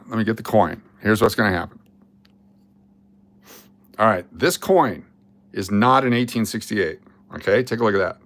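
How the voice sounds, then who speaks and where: A man hosting a casual live coin-hunting stream, excitable and chatty with his viewers as he sorts rolls of coins. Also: fairly low pitch, normal speed, long pauses. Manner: excitable, hypes finds, chats with viewers. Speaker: coin roll hunting livestream host.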